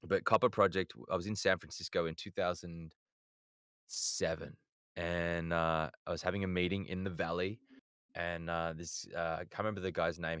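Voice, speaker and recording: Australian man, very low smooth voice, relaxed rambling podcast guest, dry close mic. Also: no room sound. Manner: laid-back, rambling storyteller. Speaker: guest voice actor. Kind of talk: casual podcast chat.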